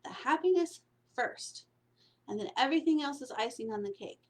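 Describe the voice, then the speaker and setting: A woman's voice: high voice, animated, moderate pace. A woman coaching on spiritual prosperity in a casual, meandering talk, repeating her phrases and checking in with "right?".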